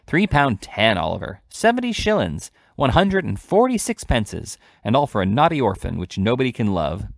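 A man's voice: medium pitch, sing-song, moderate pace, gravelly, no room sound, studio quality. A man voicing a pompous, blustering male parish beadle in a storybook reading.

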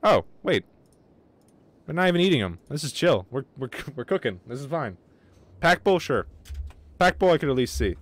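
A man streaming a game live, with casual, excitable commentary, lots of swearing and remarks aimed at his chat. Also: fairly high pitch, normal speed, long pauses, dry recording. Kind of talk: casual livestream gaming commentary.

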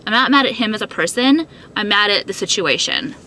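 A woman vlogger holds her phone and films herself as she vents, clearly upset, swearing frequently and leaning hard on "like." Her medium-pitched voice has lively intonation and a sharp tone, she talks fairly quickly, and there's slight background noise.

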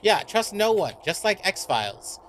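A man's voice: sits high, big pitch swings, measured pace, slight background noise. A man streaming a horror game in casual commentary, reacting jumpily and swearing often. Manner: jumpy, reactive and profane, with repeated worried remarks.

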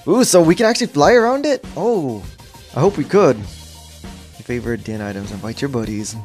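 A man's voice: medium pitch, animated, normal speed, darkish tone, soft background music. A man giving casual, jokey gameplay commentary as a gaming YouTuber, rambling and easily sidetracked.

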